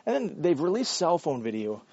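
A man with a slightly high, husky voice rants bluntly and swears constantly, his pitch swinging widely as he argues. He talks while walking his dog, and the recording sounds dull and lo-fi. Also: sing-song, fairly quick, darkish tone. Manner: profane, blunt and argumentative. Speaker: vlogger. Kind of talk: casual ranting monologue.

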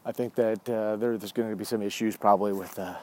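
A man's voice: fairly low pitch, fairly even intonation, fast, a little mellow. A man in his forties hosting his own show, talking in a rambling, profane casual monologue while walking a dog. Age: 40s. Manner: rambling, profane, wanders off track. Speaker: show host.

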